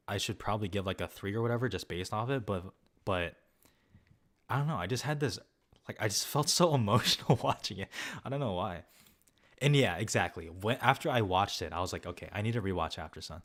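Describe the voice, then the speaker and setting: A man's voice: fairly low pitch, a bit bright. A young man reviewing films in a casual, rambling way, peppered with filler words and swearing while he answers viewers. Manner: rambling and loose, heavy use of filler words, swears freely. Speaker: film vlogger.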